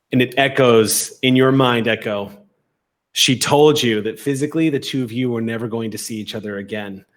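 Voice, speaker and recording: A man narrating a tabletop role-play as game master, setting scenes in vivid, cinematic detail. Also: fairly low pitch.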